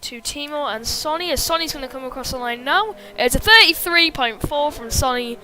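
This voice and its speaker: Female sim-racing commentator, somewhat high-pitched, casual and filler-heavy. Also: expressive, fairly quick, bright, forceful tone. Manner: chatty, many fillers, reads chat. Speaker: race commentator.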